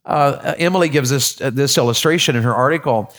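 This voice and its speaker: A man's voice: medium pitch, quick pace, a bit bright. A man from Tennessee preaching a sermon in a church, folksy and joking with the congregation, often repeating his words. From Tennessee, USA.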